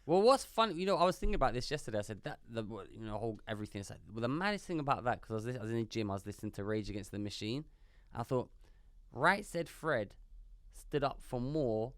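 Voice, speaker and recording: Man from Iran, lively storyteller, smooth clear voice, dry close sound, podcast co-host. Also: mid-range voice, very fast, no room sound. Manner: animated storyteller who jumps into impressions. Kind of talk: casual comedic chat. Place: podcast studio.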